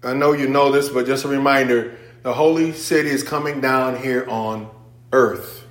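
A man preaching a sermon in church. He swings between hushed asides and near-shouted emphasis, with casual remarks to the congregation. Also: mid-range voice, fairly even intonation, moderate pace. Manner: informal, conversational asides with the congregation. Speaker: pastor. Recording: echoey church room.

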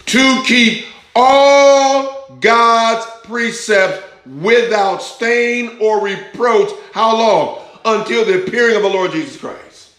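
A man preaching a sermon, emphatic, rising to high urgent questions and dropping to low intense asides. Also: takes it slowly, fairly bright tone, very echoey, low-quality recording.

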